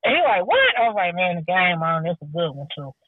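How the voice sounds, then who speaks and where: A woman chatting casually and telling animated stories, acting out the people she quotes and swearing freely. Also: fairly low pitch, fast. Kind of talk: casual chat. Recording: tinny phone-like sound, dry.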